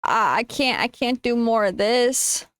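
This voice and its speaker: A woman VTuber streaming a game in casual chat, dramatic, swearing a lot and bursting into shouts, her throat strained from yelling. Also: a little high, lively intonation, a little slow, smooth, dry recording, low-quality recording.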